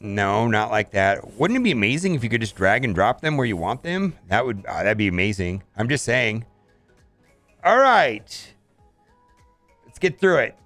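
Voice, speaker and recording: A man's voice: fairly low pitch, sing-song, normal speed, fairly bright tone, faint music behind. A man casually commenting on a mobile game as he plays, thinking aloud and often saying "all right".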